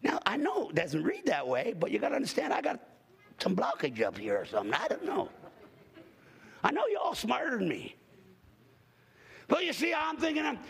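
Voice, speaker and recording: A man preaching a sermon as a travelling evangelist to a church congregation, telling folksy stories with jokes and bursting into shouts. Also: very high-pitched, creaky, slightly rough.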